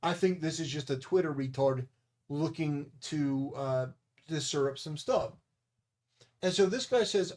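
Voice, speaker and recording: A man's voice: a little high, a little slow, darkish tone. Blunt, combative male commentator. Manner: blunt and combative, insulting and dismissive. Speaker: commentary channel host. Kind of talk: opinion commentary monologue.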